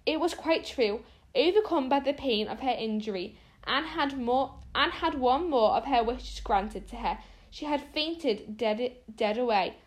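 Lady reading a storybook out loud, kinda high voice, trips over words now and then. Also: measured pace. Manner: expressive reading with frequent small stumbles and restarts. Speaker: narrator.

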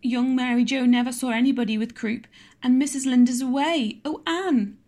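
A frightened young girl pleads in a high, strained voice, breathless and close to tears. She sounds louder and higher than the storybook's plain narration, as a woman reader puts her on. The delivery stays urgent and tearful throughout. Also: normal speed, lightly acted. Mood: sobbing.

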